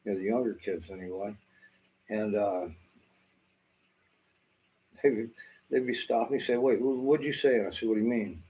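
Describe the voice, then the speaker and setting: A man's voice: lowish voice, steady tone, moderate pace, pauses often, mellow, slightly rough, poor audio. A middle-aged man from Southwest Florida with a Southern accent, rambling casually to the camera with lots of fillers and cursing. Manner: meandering, swears freely, lots of fillers. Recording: faint background noise.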